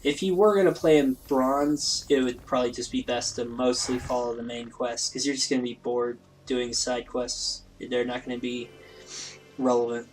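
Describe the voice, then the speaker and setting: Male let's play host, casual rambling commentary, self-deprecating, average pitch. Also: steady tone, moderate pace, soft background music, low-quality recording.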